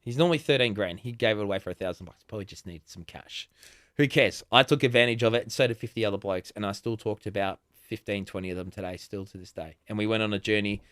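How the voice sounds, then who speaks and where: A man's voice: fairly low pitch, fast talker, fairly bright tone, no room sound, studio quality. A chatty Australian man in his forties, a podcast guest who talks casually, laughs often and restarts his sentences. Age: 40s. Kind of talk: casual conversation.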